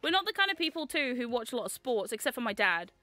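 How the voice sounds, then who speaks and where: A woman's voice: a little high, very animated, fast, sharp tone. A young woman from Cornwall hosting a casual livestream chat, giggly and gushing, reading chat aloud. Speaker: streamer host.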